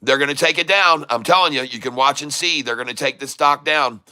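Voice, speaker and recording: A brisk man with a mid-range voice, bright and forceful yet clean in tone, hosts a live day-trading stream. He laughs often and jokes while reading chat, later issuing urgent warnings to viewers again and again.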